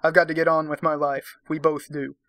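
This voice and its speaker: A man's voice: fairly high pitch, little pitch movement, brisk, fairly bright tone, no echo. A man voicing a weary, impatient husband who is leaving his wife, read aloud from a romance novel. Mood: exasperated.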